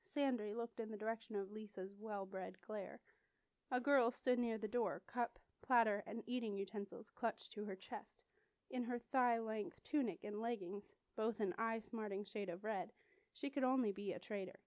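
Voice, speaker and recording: A woman narrating a novel as an audiobook, measured and clear. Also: medium pitch, a little mellow, no echo. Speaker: audiobook reader.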